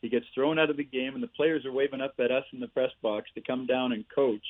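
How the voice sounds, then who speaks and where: A man in his sixties, a former player and coach, telling animated stories with laughs and "eh" tags as a podcast guest. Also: medium pitch, fast. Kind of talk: storytelling interview. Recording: tinny phone-like line.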